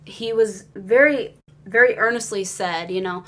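A woman from Illinois chatting casually, an excitable storyteller who acts out quotes and laughs often. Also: medium pitch, measured pace. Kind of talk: casual chat.

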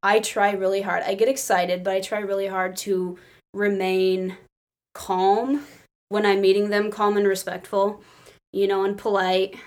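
A woman casually telling an animated story, laughing often and acting out what people said. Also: mid-range voice, a little slow. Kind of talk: casual chat.

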